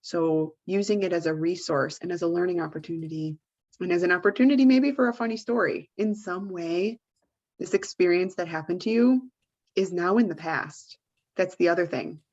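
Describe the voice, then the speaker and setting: Chatty low-voiced woman podcast co-host. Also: normal speed, a little mellow, muffled recording. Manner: rambling, full of "like" and "you know". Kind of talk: casual advice chat.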